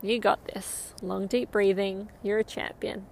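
A woman's voice: medium pitch, steady tone, unhurried, creaky. A woman coaching a guided interval run outdoors, upbeat and encouraging as she counts down. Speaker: running coach.

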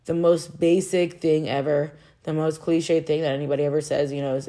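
A woman's voice: deep voice, level tone, brisk, mellow. A young woman venting in a personal vlog, heated and frustrated, swearing often and rambling with restarts. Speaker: vlogger.

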